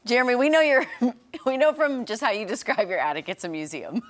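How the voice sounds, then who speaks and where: A woman's voice: a little high, sing-song, fairly quick. A woman co-hosting a morning television show, chatting playfully and often breaking into giggles. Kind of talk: casual on-air banter.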